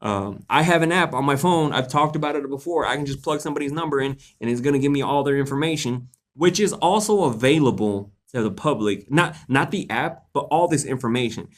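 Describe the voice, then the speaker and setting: Answering viewer questions on a livestream, this young man talks in a mid-range voice that's animated and fairly quick, with hardly any pauses. He keeps it casual, slangy and jokey, laughing often.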